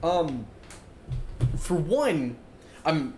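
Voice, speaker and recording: Warm, sing-song, and extremely slow, a young man's fairly high voice drifts through casual game-stream chatter full of fillers while he plays and reads chat out loud. He stands in a dorm-style room; the sound is echoey with faint room noise.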